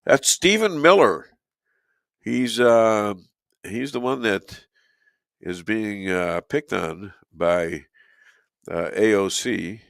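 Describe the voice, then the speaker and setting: An older man hosts a casual talk show with a hoarse, gravelly, fried voice that sits a little low. He rambles and cracks jokes, stopping often on "uh." The sound is close and dry. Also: expressive, no room sound. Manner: rambling, joking, many filler pauses. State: hoarse, losing his voice. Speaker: show host.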